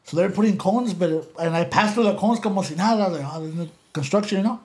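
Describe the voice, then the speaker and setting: A fast-talking man from the LA area with a high voice shares casual stories as a podcast interview guest. He's animated and profane, and he code-switches between English and Spanish.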